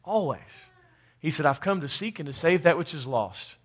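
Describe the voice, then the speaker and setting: A man's voice: on the high side, expressive, moderate pace, slightly rough. A man preaching a sermon, calling for amens from the congregation and repeating words as he builds a point. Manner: call-and-response preaching, rising to emphatic bursts. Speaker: pastor.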